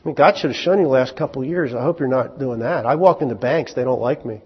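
A man preaching a sermon as pastor, conversational and joking, dropping to a hush and then bursting out loud. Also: mid-range voice, quick pace, husky. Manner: animated, jumps from hushed to loud in sudden bursts. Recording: long hall reverb, dull lo-fi sound.

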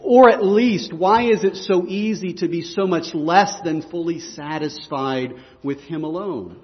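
Male pastor, high voice, measured delivery, earnest preaching; dull recording with long hall reverb. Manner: earnest, emphatic preaching with repeated restarts. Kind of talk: sermon.

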